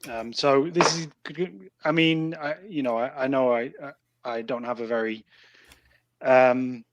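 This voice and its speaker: A man's voice: medium pitch, steady tone, a little slow, lo-fi sound, slight background noise. A man playing a tabletop game, hesitantly describing his character's moves, with many fillers. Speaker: player.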